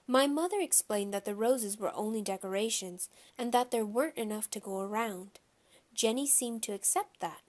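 A woman reads a children's chapter book aloud in a lively, expressive manner. Her pitch sits in the middle range. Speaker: audiobook narrator. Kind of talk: scripted children's audiobook narration.

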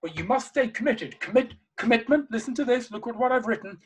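A man's voice: very high-pitched, lively intonation, fairly quick, few pauses, slightly rough, poor audio. A man giving a motivational seminar to a live audience, emphatic and repeating key phrases with passion. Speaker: seminar speaker. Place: live talk before an audience.

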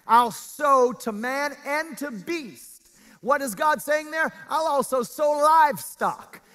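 A male pastor preaching a sermon, reading scripture aloud with drawn-out, half-sung emphasis and stirring the congregation. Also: extremely high pitch, bright, forceful tone, long reverb tail.

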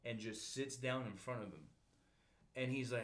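A man's voice: medium pitch, brisk. A man hosting a podcast and telling a recruiting story in a casual, slangy way, calling people bro and dude. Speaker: podcast host, Marine recruiter.

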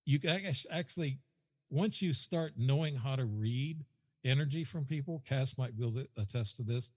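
A man's voice: mid-range voice, moderate pace, breathy edge, long reverb tail. A man as a podcast guest, telling a rambling story that repeats itself and quotes whole conversations. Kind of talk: casual storytelling.

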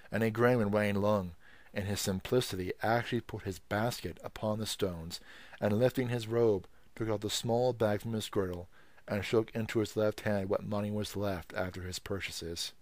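A man reading a novel aloud as an audiobook, steady and measured. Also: fairly low pitch, dry recording. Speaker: audiobook reader. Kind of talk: novel narration.

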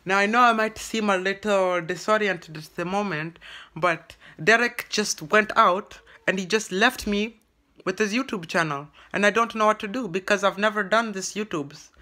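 A bright, sharp-toned vlogger speaks in a put-on broken English. The delivery stumbles and restarts again and again, rambling through a comic monologue close to the camera mic. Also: mid-range voice. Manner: halting and rambling, full of stammered restarts. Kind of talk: comedic vlog monologue in character.

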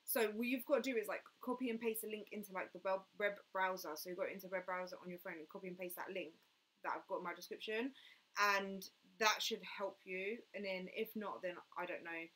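Bright-voiced woman chatting on a live stream. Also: medium pitch, steady tone, brisk. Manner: chatty, answers viewer comments, lots of "like" and "mate". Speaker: fitness vlogger hosting a live stream. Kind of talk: casual live-stream chat.

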